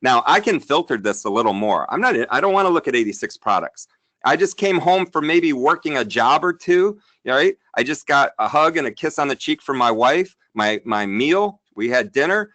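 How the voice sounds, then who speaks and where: A man in his thirties hosting a live sales webinar, upbeat and chatty, talking to the viewers in the chat while he demos software. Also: mid-range voice. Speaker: webinar host.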